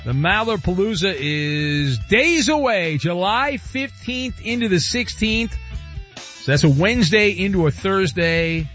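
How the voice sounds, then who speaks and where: A man hosting a talk radio show, brisk and wisecracking. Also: high-pitched, lively intonation, fairly bright tone, muffled recording, faint music behind. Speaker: radio host.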